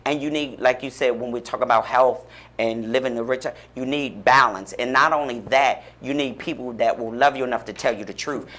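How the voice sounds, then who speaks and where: A man's voice: medium pitch, fairly quick, a bit bright. A man guest on a radio talk show, speaking in a fervent, encouraging, preacherly way about faith and support. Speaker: guest, author and pastor-like speaker. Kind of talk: radio interview, inspirational talk. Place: radio studio.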